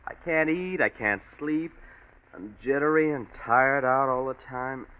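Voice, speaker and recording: Ad role: young actor playing jittery eager fellow, emphatic; tinny radio sound. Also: male voice, medium pitch, measured pace, close to an everyday voice. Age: young adult. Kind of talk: 1940s radio ad acting. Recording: tinny scratchy old radio broadcast.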